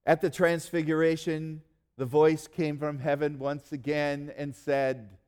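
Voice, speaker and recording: Male preacher, a touch high-voiced, earnest sermon delivery with slow, near-silent emphasis. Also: flat delivery, darkish tone, smooth. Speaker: pastor.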